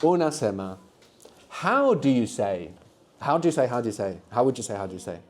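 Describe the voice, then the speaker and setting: In a university classroom, a man with a mid-range, expressive voice and darkish tone teaches a live beginners' language workshop at a racing pace. He is patient and encouraging with his students, explaining things step by step.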